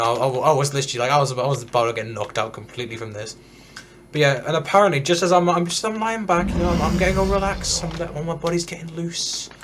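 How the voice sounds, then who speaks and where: A teenage boy tells a story as he games, words tumbling out fast in a loose, rambling stream. He restarts his sentences often and leans on fillers. A faint hiss sits under his voice. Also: mid-range voice. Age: teens. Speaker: gaming streamer. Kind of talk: casual storytelling while gaming.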